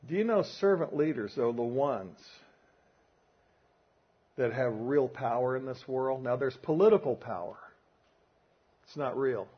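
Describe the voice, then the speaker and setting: An older Southern man with a drawl preaches to a men's Bible study, relying heavily on homespun stories told in an emphatic, folksy way. His husky, mid-range voice is animated but a little slow, with long pauses, and he hammers each point home. The recording is dull and lo-fi.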